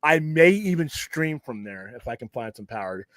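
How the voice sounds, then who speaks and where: Man, streamer host, casual rambling chat, profane and jokey, mid pitch, dry close recording. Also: big pitch swings, normal speed, fairly bright tone, dry recording. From Southern California.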